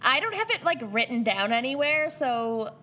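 A woman's voice: high voice, sing-song, moderate pace, pushed and bright. A young adult woman co-hosting a podcast in casual chat, often laughing through her words. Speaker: podcast co-host.

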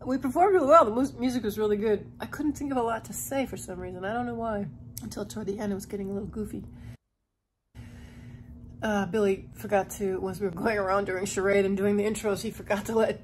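A woman's voice: medium pitch, a little hiss or hum. A woman singer vlogging from the road in a casual, rambling way, laughing at herself as she chats. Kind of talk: casual vlog chat.

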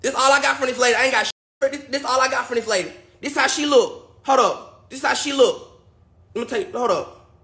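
High-voiced man ranting in an echoey room. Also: a little fast, gravelly. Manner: loud, exasperated, profane, repeats himself. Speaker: vlogger. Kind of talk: ranting vlog.

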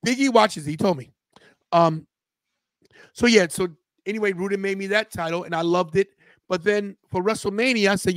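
Podcast host, male, high-pitched, chatty storyteller; dry close mic. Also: moderate pace, no room sound. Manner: animated storyteller, quotes friends in a loose slangy way. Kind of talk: casual watch-party chat.

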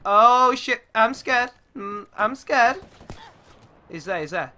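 Excitable young gamer. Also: male voice, slow pace, heavy background noise. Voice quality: goes squeaky when yelling. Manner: excitable, shouts and swears at the game. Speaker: gaming YouTuber. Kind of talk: live gameplay commentary.

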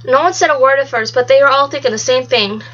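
A woman's voice: high voice, fast, fairly bright tone. A woman reading a novel aloud in a plain way, with some stumbles. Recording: dull lo-fi recording.

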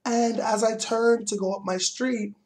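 Young man, vlogger, casual storytelling rant, profane, animated. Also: high-pitched, unhurried.

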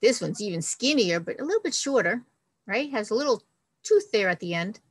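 A woman's voice: mid-range voice, lively intonation, a little fast, no room sound, poor audio. A woman, a children's librarian, reading a picture book and leading a friendly, upbeat science lesson for kids.

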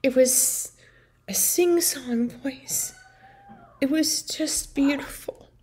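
Her voice sits high but sounds dark, and she speaks very slowly. This vlogger and family caregiver earnestly opens up to viewers with an emotional personal story, leaning heavily on "like" and "you know."

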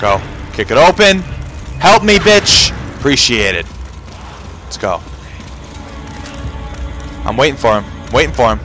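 A man commentating a video game playthrough, swearing constantly and shouting when panicked. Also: medium pitch, big pitch swings, a little slow, pauses often. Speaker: gamer. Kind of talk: profane let's-play commentary. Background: game music and sound effects.

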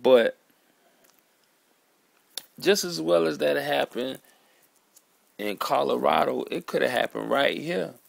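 A man in an earnest, halting vlog monologue, sitting at home at his computer. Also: on the high side, creaky, no echo. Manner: earnest, halting, repeats words and calls listener "man". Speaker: vlogger. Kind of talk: emotional monologue to camera.

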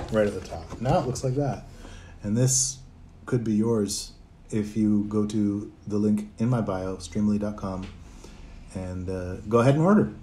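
A relaxed man from Canada, a voice actor, chats casually with fans on a livestream and answers their questions. He has a lowish, mellow voice. He reads the chat aloud and laughs softly throughout.

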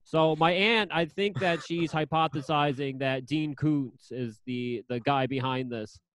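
A man co-hosting a podcast, trading deadpan jokes in casual banter. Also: fairly high pitch, a little slow, no echo. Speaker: podcast co-host.

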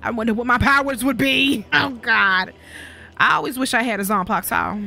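A woman with a bright, forceful voice giving sassy, profane play-by-play as she streams a game. She quips back at the characters and chats to her viewers, with soft game music underneath. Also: a little high, lively intonation, normal speed, creaky. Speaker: gaming streamer. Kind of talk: casual let's-play commentary.

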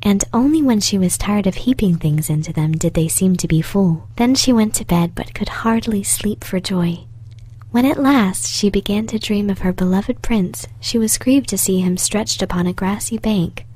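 Woman storyteller, breathy hushed whisper, slow soothing reading, fairy tale. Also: mid-range voice.

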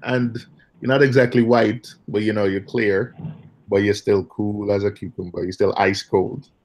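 A man's voice: fairly low pitch, little pitch movement, normal speed, a little mellow, slight background noise. A man riding along as passenger, chatting casually and teasingly while relaying messages from a live chat. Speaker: passenger and co-host. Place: car on the road.

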